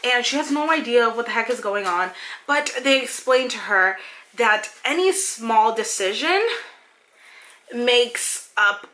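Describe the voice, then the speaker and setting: Bright-voiced, gushing young woman. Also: on the high side, lively intonation, a little slow. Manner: gushing and emotional, talking straight to viewers; fillers and sudden bursts of speed. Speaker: book reviewer. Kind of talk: casual book review vlog.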